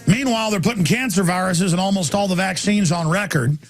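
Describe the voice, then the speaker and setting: A man hosting a talk radio show, delivering an impassioned ranting monologue that swings from shouts down to low murmurs. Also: fairly quick, soft background music.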